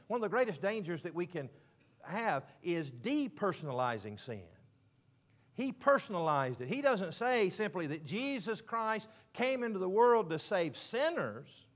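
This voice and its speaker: Man, preacher, sermon, emphatic drawn-out words, quiet drops, slightly high pitch.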